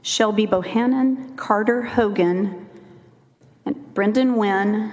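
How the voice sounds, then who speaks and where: A woman chairs a committee hearing, speaking slowly and formally as she calls witnesses forward. Her pitch is ordinary. Her voice echoes through a large hall with long reverb. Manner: measured, formal, calls names deliberately. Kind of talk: formal meeting procedure. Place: large legislative hearing room.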